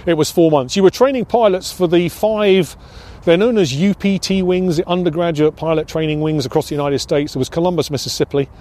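A man's voice: fairly high pitch, a little fast, warm tone. Older British man recalling flying days. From United Kingdom. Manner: reflective, many restarts and hesitations. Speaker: interviewee, former RAF pilot instructor. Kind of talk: oral history interview.

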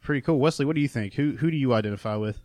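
A man's voice: medium pitch, rapid-fire, a little mellow, no echo. A man hosting a casual group chat, asking the others questions and musing along. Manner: inquisitive, prompts the others with questions. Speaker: podcast host.

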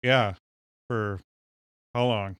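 A man's voice: on the low side, steady tone, drawn-out words, fairly bright tone, clean tone, no room sound. A man from Minnesota with a Minnesotan accent, co-hosting a podcast and telling stories with enthusiasm. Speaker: podcast co-host. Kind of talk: casual chat.

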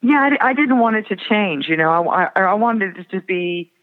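A man from the Fargo area, a songwriter guest, talking reflectively with many pauses and fillers. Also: sits high, expressive. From Fargo area, Minnesota. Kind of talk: casual interview. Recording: tinny phone line with long reverb.

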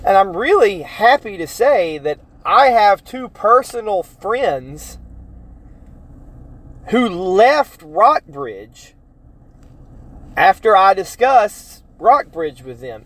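Rambling man with a raised voice. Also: a little high. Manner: rambling, self-correcting, mimics other people's voices in quotes. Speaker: podcast host. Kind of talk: casual opinion monologue.

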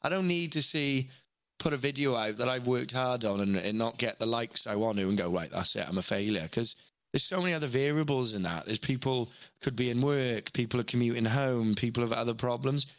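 A man's voice: mid-range voice, brisk, dry recording, studio quality. A man guesting on a podcast, talking candidly in a rambling, self-questioning way with frequent restarts.

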